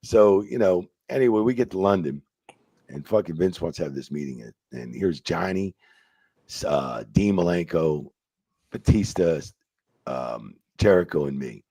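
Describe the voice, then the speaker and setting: A man's voice: low voice, animated, moderate pace, warm tone, dry recording. A man in a casual interview who tells stories, swears freely and acts out quotes animatedly. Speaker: retired wrestling referee, guest.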